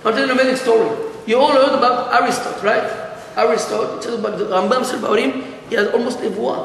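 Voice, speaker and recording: A man with a strikingly high voice teaches a Torah class as a rabbi, telling his story with animation and playing out each character's words. He is recorded in a big echoing hall with a long, ringing tail. A faint hiss runs underneath. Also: fairly even intonation, fast, vocal fry. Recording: echoey hall with faint noise.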